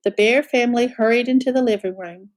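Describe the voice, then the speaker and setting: A woman reading a children's picture book aloud as a storyteller, expressive and animated. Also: a little high, fairly quick.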